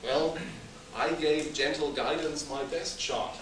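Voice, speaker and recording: A man's voice: fairly high pitch, steady tone, slow, a bit bright. A man voicing a patient but pompous father who lectures his son in stiff, formal wording, read aloud as a comic dialogue. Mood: lecturing. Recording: echoey hall, mic far off, noisy.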